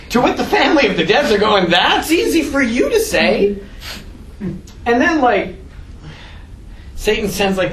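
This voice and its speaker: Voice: medium pitch, distant mic, background noise. Irreverent lecturer in an echoey classroom. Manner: irreverent, joking, asks the class questions. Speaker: teacher. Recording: echoey classroom taped from afar.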